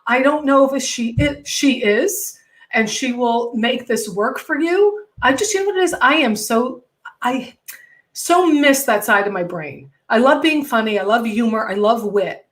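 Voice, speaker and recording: Middle-aged woman, comedian host, animated casual chat, slightly high voice. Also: measured pace. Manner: chatty, animated, self-mocking.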